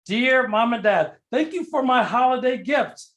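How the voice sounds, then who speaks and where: High-voiced, slow-talking improv host man. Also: creaky, fairly bright tone. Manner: laughs often at the jokes. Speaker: improv show referee host. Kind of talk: hosting an online improv game.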